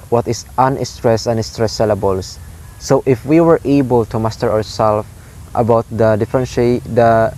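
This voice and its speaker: A man giving a recorded lesson on poetic meter, explaining slowly and sounding out stress patterns. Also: mid-range voice, a little mellow. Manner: slow, careful explanation, repeating stress patterns aloud. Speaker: teacher.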